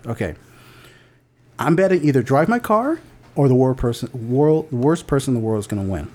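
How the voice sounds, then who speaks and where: A man in a loose podcast conversation, blunt and opinionated, dropping swear words and stumbling through restarts as he talks. His voice sits at an ordinary middle pitch for a man. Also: animated, moderate pace, a little mellow. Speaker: podcast co-host. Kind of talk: casual podcast chat.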